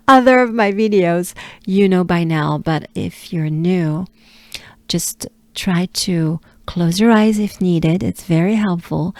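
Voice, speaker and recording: A woman's voice: on the low side, a little mellow, no echo. A woman from France with a French accent giving a patient pronunciation lesson, repeating sounds and coaching breathing, sometimes dropping to a whisper. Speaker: pronunciation teacher.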